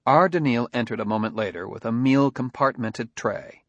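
Male narrator, mid-pitched, measured storytelling, very dry close recording. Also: no echo. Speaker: audiobook narrator. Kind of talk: scripted narration.

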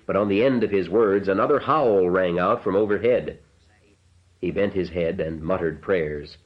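A man reading an audiobook narration in a measured, unhurried way. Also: low voice, highs cut off.

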